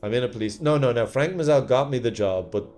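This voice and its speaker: A man's voice: medium pitch, fast, darkish tone. A man, an actor and podcast guest, telling rambling stories from his career in casual chat, swearing freely. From Ireland. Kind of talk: casual anecdotes.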